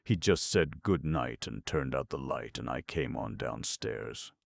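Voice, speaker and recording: A matter-of-fact young hall boy answers every question bluntly, read by a man in a very deep voice. The tone is gravelly and close, with no room around it. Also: animated, unhurried, full character voice. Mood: plain. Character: young male hotel hall boy, plain-spoken.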